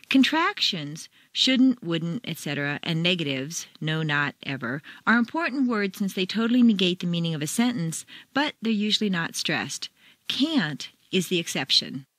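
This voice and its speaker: An American woman reading a scripted pronunciation lesson, demonstrating intonation with clear, deliberate examples. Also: on the low side, very animated, fairly bright tone, no room sound. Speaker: pronunciation teacher. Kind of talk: scripted instructional narration.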